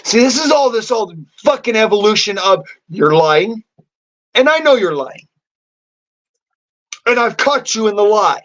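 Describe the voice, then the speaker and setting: A man delivering an angry, profane rant to the camera, bitter and cursing nearly every phrase, now and then breaking into hoarse yelling. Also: high-pitched, lively intonation, unhurried, long pauses. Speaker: vlogger.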